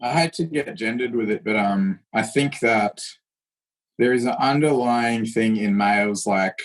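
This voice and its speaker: Telling stories in a casual interview, this Australian martial arts instructor brings them alive by acting out the voices of the people he quotes. He speaks at a measured pace in a lowish voice, and the recording is rough.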